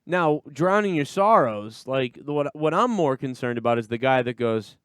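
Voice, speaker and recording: A man's voice: mid-range voice, lively intonation, moderate pace, clear, resonant tone, no echo, studio quality. A man hosting a podcast in casual chat, joking and incredulous, often laughing. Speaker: podcast host.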